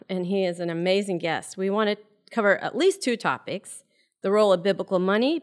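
A middle-aged woman co-hosting a radio talk show, speaking in an earnest, conversational way. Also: mid-range voice. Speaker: co-host. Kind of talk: casual radio chat.

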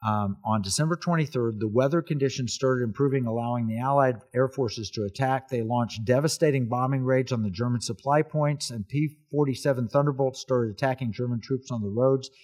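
A man's voice: mid-range voice, fairly quick, few pauses, darkish tone. A man hosting a talk show, telling a wartime story in an earnest, emphatic way with repeated phrases. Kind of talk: casual history talk.

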